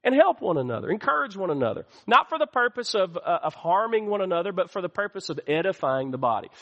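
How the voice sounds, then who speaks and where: A man's voice: high-pitched, big pitch swings, fast, a bit bright, in a large hall, highs cut off. A man preaching a sermon as pastor, calling out to the church and asking for amens. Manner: call-and-response preaching, asks the church for amens. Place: church sanctuary.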